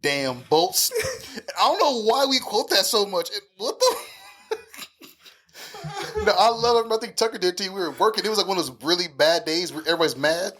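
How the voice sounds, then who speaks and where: A man's voice: sits high, very animated, normal speed, a bit bright. A man co-hosting a podcast, telling rambling work stories in casual chat and laughing along. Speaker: podcast co-host.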